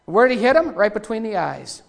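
Rough-talking preacher man in an echoey hall. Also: sits high, very animated, brisk. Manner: rough, folksy preaching with sudden loud outbursts. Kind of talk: sermon. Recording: echoey hall with long reverb.

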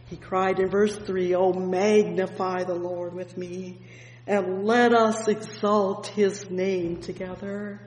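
A woman preaching a fervent sermon, breaking in with "oh, yes" and "praise the Lord" as her voice swings between loud and hushed. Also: on the low side, level tone, takes it slowly. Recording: echoey hall with long reverb, faint hum.

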